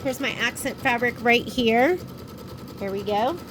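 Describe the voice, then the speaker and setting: In the sewing room of a sewing shop, a woman who teaches sewing and embroidery gives a casual, step-by-step craft tutorial, talking directly to viewers while she works. She speaks at a measured pace in a fairly high voice. Faint machine noise hums behind her.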